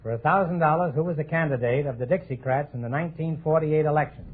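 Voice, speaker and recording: Fast-talking quiz host, high voice, joking, lo-fi noisy old radio recording. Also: male voice. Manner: wisecracking, quick with jokes. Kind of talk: 1950s radio quiz show banter.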